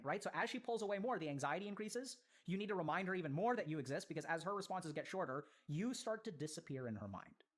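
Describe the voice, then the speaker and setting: A mental health commentator talks quickly through a viewer's letter and keeps a steady middle pitch. The delivery is earnest and explanatory, with many "like"s and tag questions of "right?".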